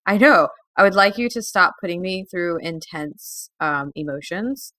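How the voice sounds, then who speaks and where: A woman's voice: lowish voice, lively intonation, unhurried, pushed and bright, dry recording. A woman co-hosting a podcast in casual chat, dramatic and self-mocking, swearing now and then. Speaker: podcast co-host.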